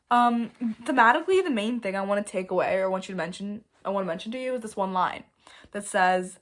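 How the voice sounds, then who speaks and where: A young woman hosting a casual vlog, chatty and playful, often mocking herself and jumping between loud and soft. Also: mid-range voice, fast. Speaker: video host.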